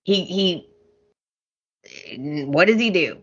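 Woman, podcast co-host, casual chat, lively swooping pitch, unhurried, slightly muffled lo-fi sound. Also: a little hiss or hum. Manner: animated, exasperated, laughs often. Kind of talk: casual chat recapping a soap opera.

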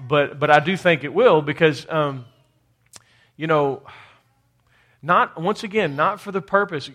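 A man preaching a sermon in a high voice. He calls on the congregation for amens and repeats words as he works toward a point. Now and then his delivery rises to emphatic bursts. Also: fairly bright tone. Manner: call-and-response preaching, rising to emphatic bursts. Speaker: pastor.

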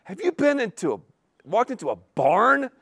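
A man's voice: very high-pitched, big pitch swings, moderate pace, a bit bright, no room sound, clean studio sound. A man preaching a sermon, repeating key words for emphasis and asking the congregation rhetorical questions. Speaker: pastor.

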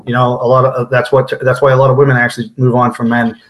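A man on a podcast as the guest author, laying out his ideas with confidence. He talks quickly in a mid-range voice, hurrying from point to point. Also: medium pitch, flat delivery. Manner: rapid, explanatory, confident. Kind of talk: casual interview chat.

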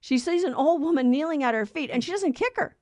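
An earnest woman co-host of a Catholic talk show tells a faith lesson conversationally, performing the voices of those she quotes. Her voice sits high, expressive and fast, with a darkish tone. It's clean studio sound with no room sound.

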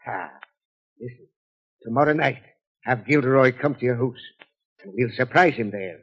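An actor playing a sly, scheming villainous nobleman in an old-time radio drama, with a husky, insinuating voice. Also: medium pitch, moderate pace, rough recording.

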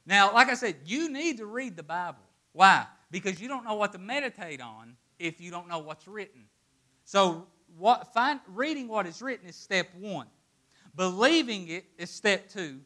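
Bright-voiced man preaching with emphasis. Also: high-pitched, expressive, normal speed. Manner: emphatic, swings between loud declarations and hushed asides. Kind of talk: sermon.

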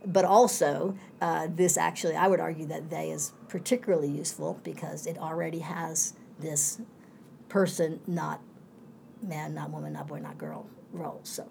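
Low, gravelly-voiced woman professor. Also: normal speed, darkish tone, a little hiss or hum. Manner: reflective, talks in winding asides. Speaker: professor, interview guest. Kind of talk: conversational interview.

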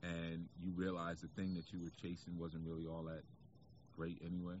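A man with a New York accent gives a casual outdoor spiritual talk to camera, conversational, reflective and preachy, often saying "you know" among other fillers. His deep, slightly mellow voice is monotone at normal speed, with dull audio and slight background noise.

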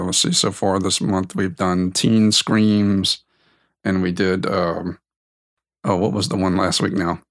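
A man's voice: lowish voice, dry recording. A man hosting his podcast in a loose, rambling chat. He corrects himself mid-sentence and chuckles as he goes. The sound is dry and close, with no room around it. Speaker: podcast host. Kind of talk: casual unedited podcast chat.

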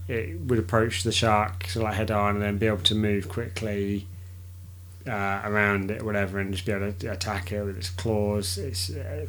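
A man's voice: on the low side, a bit bright. A man in casual podcast chat, rambling with loose swearing and frequent laughs.

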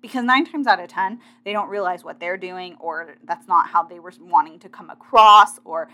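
A woman's voice: fairly low pitch, moderate pace, bright, forceful tone. A woman in a casual motivational monologue, talking directly and chattily to her listeners as a fitness competitor sharing advice.

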